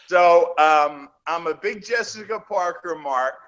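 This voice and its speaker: A man guesting on an interview, spinning animated stories about his acting days. His voice sits a bit on the high side for a man, and he talks in a loose, rambling way with many restarts. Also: slow pace, highs cut off. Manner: animated anecdotes, trails off and restarts. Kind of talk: casual storytelling in a shoot interview.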